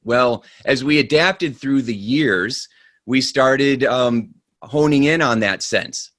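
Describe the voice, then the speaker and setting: Casting note: a male webinar speaker, lively storytelling delivery. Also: mid-range voice, takes it slowly, dry recording. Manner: animated storyteller. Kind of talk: storytelling talk.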